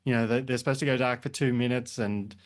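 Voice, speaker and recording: A man's voice: medium pitch, steady tone, fast. Man retelling movie moments casually. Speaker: podcast co-host. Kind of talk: casual chat.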